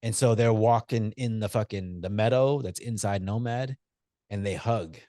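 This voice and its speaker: A podcast co-host with a fairly low, dark voice talks at a moderate pace, recorded cleanly in a studio with no echo. He's loose and profane on a casual movie podcast, teasing his friend and musing aloud with restarts as they chat about films.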